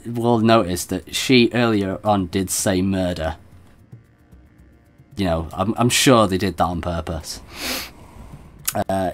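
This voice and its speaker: Chatty man with a low voice. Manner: chatty, self-deprecating, laughs easily. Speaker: game streamer. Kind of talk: let's play commentary.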